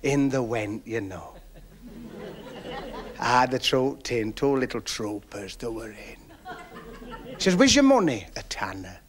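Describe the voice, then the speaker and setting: A man's voice: slow, long pauses, a faint crowd. A man telling a long, chatty joke story on a 1970s TV comedy stage. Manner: folksy, chatty tale-spinning that drops low and quiet. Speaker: stand-up comedian. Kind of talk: stand-up storytelling. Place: TV studio stage with audience.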